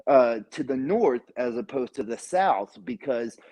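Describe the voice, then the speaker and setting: A man's voice: mid-range voice, expressive, unhurried, warm tone, rough recording. Caller: man, mid-range voice, lecturing, filler-heavy, argumentative. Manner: lecturing, many fillers and restarts. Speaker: caller on a livestream. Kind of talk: casual argumentative chat.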